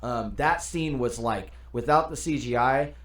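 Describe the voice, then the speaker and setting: A man's voice: medium pitch, measured pace. A man co-hosting a podcast, chatting casually and telling stories with lots of laughter. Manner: animated storyteller, laughs while quoting. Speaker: podcast co-host. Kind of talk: casual chat. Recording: roomy echo.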